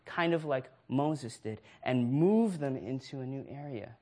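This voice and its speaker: A man's voice: medium pitch, unhurried. A man preaching a sermon through a personal story, acting out voices and laughing as he goes. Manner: animated storyteller who acts out voices and laughs.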